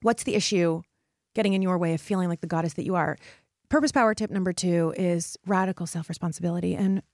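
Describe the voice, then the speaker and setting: A woman's voice: on the low side, fast talker, a little mellow, no room sound, clean studio sound. Earnest woman hosting a motivational podcast. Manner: earnest, encouraging, speaks directly to listeners. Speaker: podcast host.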